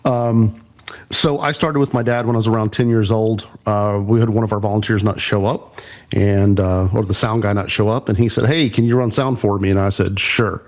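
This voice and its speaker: A man's voice: lowish voice, fairly even intonation, normal speed. Easygoing man telling stories. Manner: easygoing storyteller, polite "sir". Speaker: church production pastor, guest. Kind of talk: casual podcast interview.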